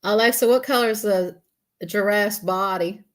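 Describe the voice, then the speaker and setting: A woman's voice: mid-range voice, moderate pace, a little hiss or hum. A woman chatting casually on a livestream while coloring, laughing often and greeting viewers. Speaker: livestream host.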